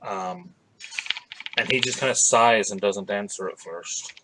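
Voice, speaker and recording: A man's voice: fairly low pitch, a little slow, background noise. A man narrating as game master of a tabletop game, rambling and hesitant, with many fillers.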